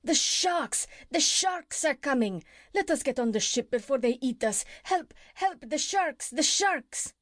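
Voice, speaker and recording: A woman voicing a crew of frightened grown pirates, shouting in panic. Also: high voice, animated, measured pace, hardly any pauses, no room sound, clean studio sound, pitched above the performer's own voice. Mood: terrified.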